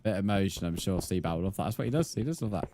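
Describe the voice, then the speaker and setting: A man's voice: deep voice, animated, racing, background noise. Joking young man streaming. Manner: joking banter with chat, laughs often. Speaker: gaming streamer. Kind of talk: live-stream chat while playing.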